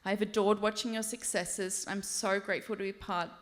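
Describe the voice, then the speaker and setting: A woman's voice: mid-range voice, fairly even intonation, a little fast. A woman giving a maid of honor speech at a wedding reception, reading a prepared toast and laughing and tearing up along the way.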